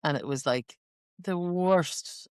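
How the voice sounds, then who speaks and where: A woman with an Irish Midlands accent co-hosting a podcast in casual chat, chatty and quick to laugh and mimic accents. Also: fairly low pitch, smooth, no echo, studio quality. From Ireland. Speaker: podcast co-host.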